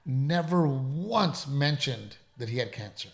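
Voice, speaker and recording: A man with a gravelly, creaky voice tells a story in a casual podcast chat. His delivery is emphatic, and he swears freely. He sounds congested, as if he is recovering from being sick. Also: mid-range voice, animated, takes it slowly. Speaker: comedian.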